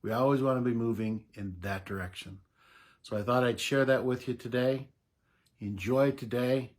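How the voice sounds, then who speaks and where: A middle-aged man giving unhurried, casual advice to camera as a voice coach, explaining with soft laughs. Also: medium pitch, steady tone.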